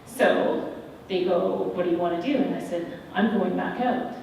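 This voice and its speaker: A woman's voice: lowish voice, moderate pace, creaky, slight background noise. A middle-aged woman tells a personal story in a keynote speech and acts out the dialogue as she goes. Her voice is heard from a distance, with strong echo and a long reverb tail. A faint murmur of the room sits behind her. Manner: candid, animated storytelling with quoted dialogue. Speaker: keynote speaker. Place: large hotel event hall. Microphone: handheld microphone. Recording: distant, echoey hall recording with faint ambience.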